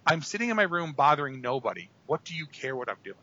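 Bright-voiced man rambling on a podcast. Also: a little high, sing-song, fast, a little hiss or hum. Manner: rambling, filler-heavy storytelling. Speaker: podcast co-host. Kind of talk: casual chat. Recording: dull lo-fi audio.

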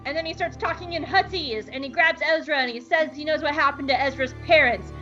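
A woman co-hosting a podcast, recapping an episode in an excitable, gushing way with playful asides. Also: high-pitched, fairly quick, hardly any pauses, highs cut off, soft background music. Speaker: podcast co-host.

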